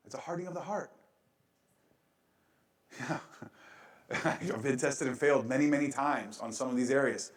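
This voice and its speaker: A man's voice: fairly high pitch, expressive, quick pace, pauses often, recorded from a distance. A male pastor preaching a sermon with a joking, self-mocking manner and frequent laughs, recorded in a church sanctuary. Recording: very echoey church room.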